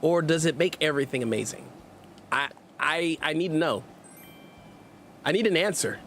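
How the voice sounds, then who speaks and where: A fairly high-pitched, somewhat bright male voice with lively intonation carries this casual gameplay stream at a moderate pace. The let's play streamer reads viewer messages aloud, joking and slipping in sarcasm, with a slight hiss or hum present.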